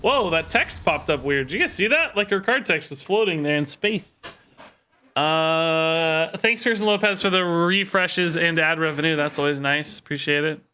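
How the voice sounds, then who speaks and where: A man livestreams his gameplay, self-critically reasoning through his moves and repeating himself while sore and tired from sport. His voice sits on the high side with a sharp tone at normal speed, and slight background noise can be heard.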